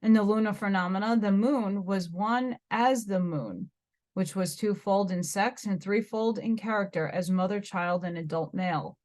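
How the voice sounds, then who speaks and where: American woman, book reading, halting over difficult words, mid-range voice. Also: medium pitch, a little mellow. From United States. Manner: stumbles over hard words, breaks off to comment. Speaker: reader.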